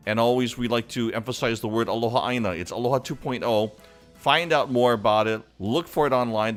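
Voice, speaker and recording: A man's voice: medium pitch, fairly bright tone. A man hosting a casual live entertainment stream, upbeat and chatty as he greets viewers by name. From Hawaii.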